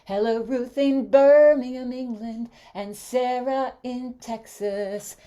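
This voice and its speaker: A woman hosts an online singing session over a video call, greeting people by name in a lilting, sing-song lilt. Her voice sits a little high, and she talks slowly, letting each welcome stretch out. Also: fairly even intonation, warm tone, soft background music. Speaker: host. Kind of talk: warm welcoming livestream greetings.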